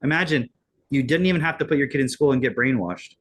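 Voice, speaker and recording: A man's voice: mid-range voice, animated, fast. A man co-hosting a podcast, ranting sarcastically in casual, profane chat. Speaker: podcast co-host.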